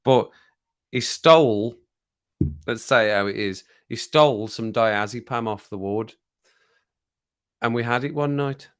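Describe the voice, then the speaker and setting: Bloke chatting to his stream over a drink, mid-pitched, rambly, laughs a lot. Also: a little slow, long pauses, clear, resonant tone. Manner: chatty, rambling storyteller who laughs often. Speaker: livestream host. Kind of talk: casual chat with viewers over a drink.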